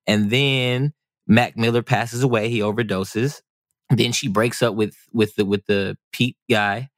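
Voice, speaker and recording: A man co-hosting a casual podcast, talking in an animated, rambling way with many restarts and fillers. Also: lowish voice, measured pace, no echo, studio quality. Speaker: podcast co-host.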